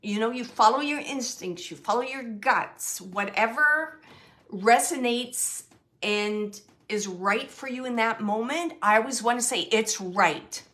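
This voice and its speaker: A woman working as a medium, giving a gentle spirit reading to a sitter, halting and searching as she relays messages, with many fillers and restarts. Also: fairly high pitch. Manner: gentle and reassuring. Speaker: psychic medium.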